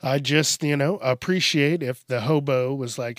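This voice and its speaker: Male podcast host, higher-pitched, dry close sound; profane, animated rambling monologue. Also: moderate pace, few pauses, dry recording. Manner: profane, animated, acts out quoted rude customers.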